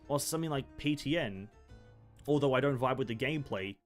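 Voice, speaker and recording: A man's voice: medium pitch, a little fast, faint music behind. A man streaming a game, chatting casually, rambling with frequent restarts and swearing. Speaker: gaming streamer. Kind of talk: casual live-stream commentary.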